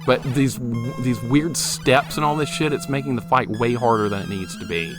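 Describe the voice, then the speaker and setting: Chatty gamer guy with a lively voice. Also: mid-range voice, moderate pace. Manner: chatty, animated, laughs easily, swears casually. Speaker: streamer. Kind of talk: casual gameplay commentary, chatting with viewers. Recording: game music playing loudly beneath the voice. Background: retro game music.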